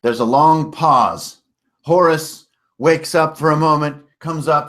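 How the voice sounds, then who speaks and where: A male game master recapping a tabletop adventure for his players, his voice sitting a bit on the high side. He tells the story casually, correcting himself mid-sentence and dropping in the odd swear word. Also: slow, fairly bright tone.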